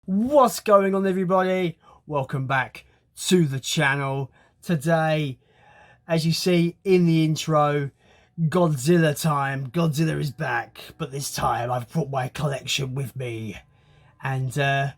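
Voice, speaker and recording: A man's voice: a little high, slow pace, faint music behind. A man hosting a casual show-and-tell vlog from home, enthusiastic and repeating his words as he talks. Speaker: channel host.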